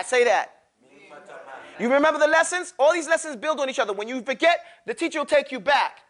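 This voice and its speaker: A man leads a recitation lesson, his voice pitched unusually high. He drags sounds out slowly so the class can copy them, then rattles off explanations in quick, loose talk. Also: fairly bright tone. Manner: drills and repeats syllables slowly, then talks fast and loose. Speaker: Quran recitation teacher.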